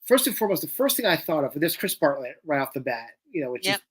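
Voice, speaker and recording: During a live watch-along, a podcast co-host banters like an excited fan, chatty and full of enthusiasm. Their mid-range voice swings widely in pitch, moves fast, and carries a slight roughness.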